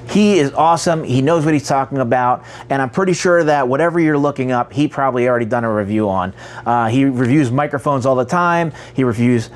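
A man hosting a casual channel spotlight, chatty, who stumbles over words and corrects himself. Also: medium pitch. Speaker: host.

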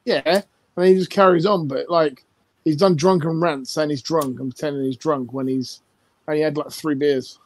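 A man's voice: a little high, steady tone, normal speed, no room sound. A tired man, a guest on a live stream, talking brash, sweary trash. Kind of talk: casual live-stream chat.

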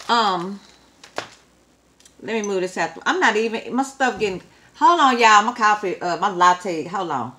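A woman chatting casually to camera as a vlogger, calling her viewers y'all and swinging from quiet, low talk to loud, animated outbursts. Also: measured pace, a little hiss or hum. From Texas.

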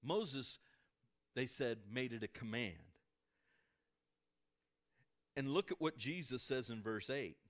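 A man with a Midwestern American accent, preaching a sermon to a congregation in a church, swinging between emphatic peaks and soft asides. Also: medium pitch, lively intonation, takes it slowly, pauses often. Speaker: pastor. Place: church sanctuary before a congregation.

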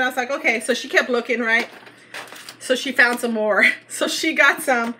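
A woman's voice: a little high, steady tone, normal speed, pushed and bright, slight background noise. A middle-aged woman, chatting and gushing as she shows a store haul in a casual vlog. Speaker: haul vlogger.

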